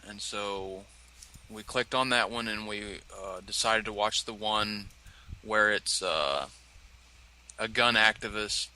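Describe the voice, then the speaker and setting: A male co-host tells a loose, rambling story in a casual chat, with lots of filler words. His voice sounds very bright and sharp. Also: on the low side, slow pace, low-quality recording. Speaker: podcast co-host.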